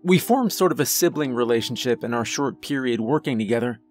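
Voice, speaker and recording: A man tells a horror story in the first person, his delivery measured and grave. His voice sits in a middle register, and faint music plays beneath him. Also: mid-range voice, expressive. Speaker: narrator. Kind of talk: scripted horror story narration.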